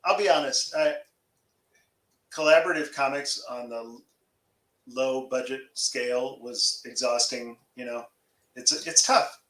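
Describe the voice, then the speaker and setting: Middle-aged male guest, candid and relaxed, echoey room sound. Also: medium pitch, unhurried, long pauses. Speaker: comics writer guest. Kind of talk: casual interview chat.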